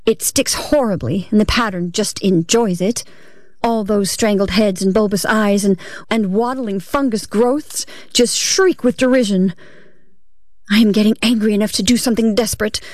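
A woman's voice: mid-range voice, normal speed, darkish tone, no echo. Woman reading a dramatic first-person story. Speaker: reader.

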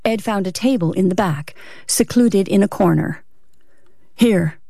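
A woman narrating a story aloud in a steady reading voice. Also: medium pitch, normal speed, creaky, dry recording, clean studio sound. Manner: steady reading, varies voice for characters. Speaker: audiobook narrator. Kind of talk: scripted narration.

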